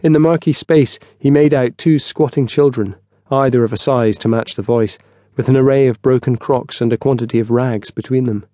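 A man narrating a historical novel in a steady, scripted storytelling style, close on a studio mic. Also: mid-range voice, normal speed, no room sound. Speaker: audiobook narrator.

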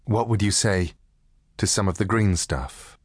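A man reading an audiobook and voicing a cool, determined woman client, husky and lowered. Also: a little slow, no room sound, clean studio sound. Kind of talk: audiobook character voice.

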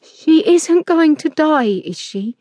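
A woman's voice: takes it slowly, darkish tone, no echo. A woman doing a tearful, frightened little boy. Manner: high, pleading, anxious.

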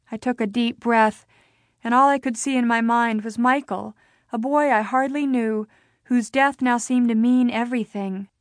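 A woman narrating a novel in the first person, with an even storytelling delivery. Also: on the high side, no echo, clean studio sound. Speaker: audiobook narrator.

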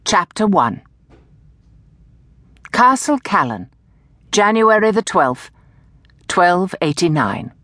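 A woman narrating an audiobook in a measured, dramatic storytelling manner, dropping to a hush for whispered lines, recorded close on a studio mic in a booth. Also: fairly low pitch, sing-song, no echo. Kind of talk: scripted narration of a historical romance.

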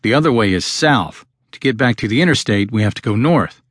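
A male narrator voicing a young husband who speaks gently and reassuringly, trying to keep everyone calm. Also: mid-range voice, fairly quick, no room sound, studio quality, lightly acted. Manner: gentle, soothing.

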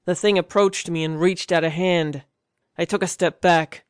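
A man's voice: on the high side, fairly even intonation, normal speed, clear, resonant tone, no echo, clean studio sound. A man reading a first-person fantasy audiobook in a tense, vivid storytelling manner. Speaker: audiobook narrator.

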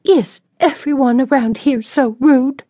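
A woman voicing a haughty, impatient young Southern lady in an audiobook, with a shrill, indignant manner. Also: a little slow, warm tone, no room sound. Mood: outraged.

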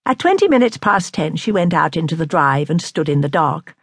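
A woman narrating a classic novel in a measured, expressive way. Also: low-pitched, breathy edge, no room sound, clean studio sound. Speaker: audiobook narrator.

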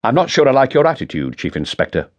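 A man's voice: mid-range voice, wildly swooping pitch, fairly quick, a little mellow, slightly rough, pitched above the performer's own voice, exaggerated voice. A man voicing a pompous, prickly senior male police chief in an audiobook. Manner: pompous, snappish.

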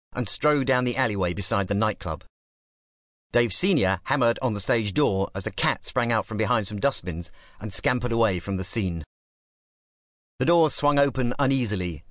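An audiobook narrator reads a novel aloud with animated, storytelling energy. His voice sits in the mid-range, and the studio sound is clean with no echo.

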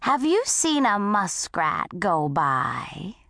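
A woman voicing a sweet, unflappable tall old woman, speaking politely and slowly. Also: fairly low pitch, gravelly, no echo, clean studio sound, exaggerated voice. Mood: calm, polite. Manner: polite, calm, slow and drawn-out.

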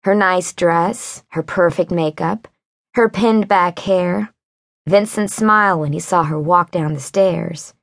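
A woman narrating a thriller audiobook in a measured, unhurried way. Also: fairly low pitch, gravelly, no room sound, clean studio sound. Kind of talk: scripted narration.

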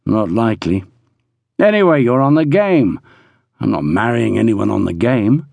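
Guy reading as a laid-back teasing soldier, dry close mic, lively up and down voice. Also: on the low side, moderate pace, creaky, dry recording. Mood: breezy. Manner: breezy, joking. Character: British army soldier, easygoing and teasing.

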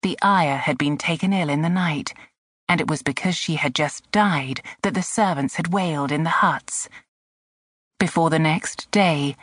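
Low-voiced woman narrating an audiobook. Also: no room sound, studio quality. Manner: measured, hushed at tense moments. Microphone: close studio mic.

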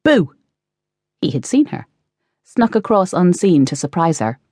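A woman reading a novel aloud as audiobook narrator, in measured scripted narration. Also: on the low side, sing-song, mellow, breathy edge, no echo, studio quality. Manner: measured storytelling.

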